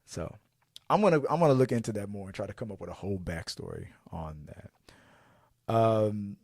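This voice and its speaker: A man's voice: fairly low pitch, expressive, moderate pace, darkish tone, no echo, studio quality. A man hosting a podcast, chatting casually about movies, rambling and restarting his sentences and acting out scenes as he goes. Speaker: podcast host.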